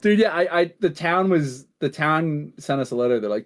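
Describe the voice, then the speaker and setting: A man's voice: a little high, lively intonation, moderate pace. A man co-hosting a gaming podcast in casual chat, rambling through stories, laughing often and swearing offhandedly. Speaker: podcast co-host.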